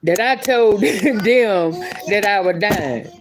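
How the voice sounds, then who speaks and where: A YouTube commentator tells a story in a casual vlog, chatty and rambling, often laughing and restarting her sentences. Her mid-range voice has lively intonation and a slow pace, with crowd noise around her.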